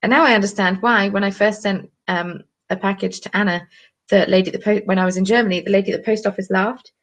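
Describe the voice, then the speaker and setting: Chatty woman with a gravelly edge. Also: mid-range voice, fast. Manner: chatty, bubbly, excitable. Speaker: craft channel host. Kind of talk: casual live-stream chat.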